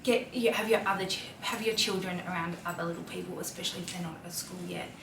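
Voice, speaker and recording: Chatty Australian mom, roomy and distant. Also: female voice, fairly low pitch, steady tone, fast, gravelly, fairly bright tone, slight background noise. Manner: heartfelt, chatty, with many fillers. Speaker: fashion vlogger and mom. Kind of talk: casual confessional chat. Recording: roomy echo, distant mic, faint ambience.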